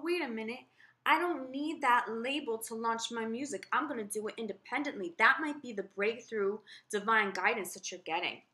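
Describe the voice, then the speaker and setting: A woman's voice: medium pitch, background noise. A woman giving a tarot reading to the camera, spiritual and effusive, speaking straight to the viewer with emphasis. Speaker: tarot reader.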